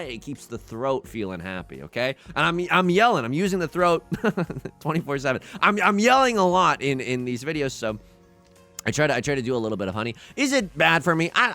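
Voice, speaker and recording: A man hosting a let's play, chatting casually and rambling with many restarts, getting excitable over the game. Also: mid-range voice. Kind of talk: casual gaming commentary.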